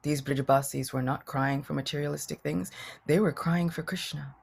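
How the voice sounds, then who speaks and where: A woman's voice: low voice, steady tone, normal speed, vocal fry, slightly rough, exaggerated voice. A woman voicing a male royal advisor who tells, humbled and sorrowful, how his eloquence failed him. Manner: earnest, sorrowful storytelling.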